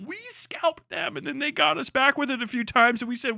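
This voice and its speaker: An American man on a live stream, ranting with lots of swearing, swinging between shouting and muttering. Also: very high voice, animated, moderate pace, gravelly, hardly any pauses, dry recording, studio quality. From United States. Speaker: livestreamer. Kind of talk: profane rant on a live stream.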